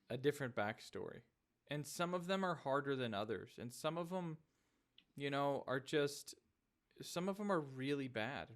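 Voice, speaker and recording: Relaxed male podcast host. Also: mid-range voice. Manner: relaxed, with brief agreeing replies. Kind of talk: casual interview chat.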